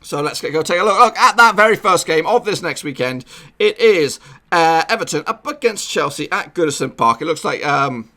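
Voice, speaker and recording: Bright, upbeat football vlogger man. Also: a little high, animated, moderate pace. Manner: upbeat, jokey, repeats catchphrases. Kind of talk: casual football prediction chat.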